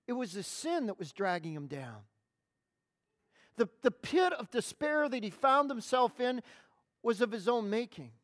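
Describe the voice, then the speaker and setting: A woman's voice: on the high side, very animated, unhurried. A woman preaching a sermon to a congregation, emphatic, stretching key words and often restarting her phrases. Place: in front of a congregation.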